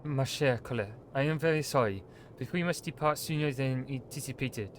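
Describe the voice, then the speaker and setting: Refined french lady, voiced by a man, mock french accent, hammy letter reading, mid pitch. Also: moderate pace, a little hiss or hum, close to an everyday voice. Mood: apologetic. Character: refined woman writing an apologetic farewell letter.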